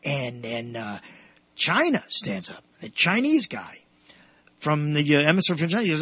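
A man hosting a radio show, telling jokes in a rambling way with many restarts and animated punchlines. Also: fairly high pitch, a little fast, slightly rough, dry recording, highs cut off.

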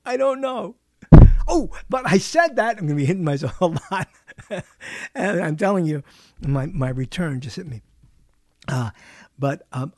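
A man's voice: sits high, a little mellow, no room sound, clean studio sound. An older man hosting a radio show, telling a wandering story in a solo monologue, chuckling and correcting himself as he goes, his nose stuffy from a cold. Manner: chuckling often, self-correcting, wandering anecdote.

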